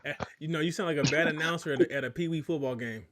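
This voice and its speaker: A man's voice: a little high, quick pace, a bit bright. Teasing male podcast co-host. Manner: teasing, joking. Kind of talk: casual live podcast banter.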